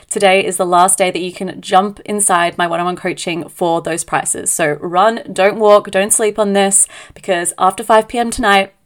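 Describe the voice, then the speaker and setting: A woman, hosting her own podcast in a chatty, upbeat, self-mocking way. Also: mid-range voice. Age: 30s. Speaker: podcast host and business coach. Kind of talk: casual solo podcast chat.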